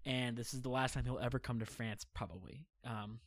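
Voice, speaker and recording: Young man, mid-pitched voice, rambling storyteller, lots of fillers, dry close sound. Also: fairly quick, no room sound. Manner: rambling, filler-heavy, animated retelling. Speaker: guest storyteller. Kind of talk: casual storytelling.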